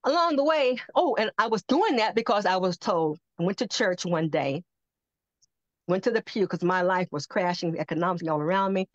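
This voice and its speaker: Older woman, lively storytelling testimony, muffled lo-fi sound, dry. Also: mid-range voice, brisk, dry recording. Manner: animated storyteller who acts out quoted voices. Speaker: podcast guest.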